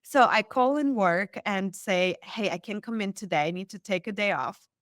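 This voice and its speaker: A woman guest on a podcast, telling a personal story with lively acted-out quotes. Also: mid-range voice, moderate pace, dry recording, clean studio sound. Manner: animated, acts out quoted lines. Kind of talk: storytelling in an interview.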